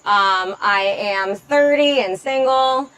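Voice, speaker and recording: An actress playing a thirty-year-old stand-up comedian who sarcastically tears into a heckler, with lots of filler words. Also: female voice, mid-range voice, takes it slowly, a bit bright, low-quality recording. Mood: sarcastic. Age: 30s. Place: comedy club stage.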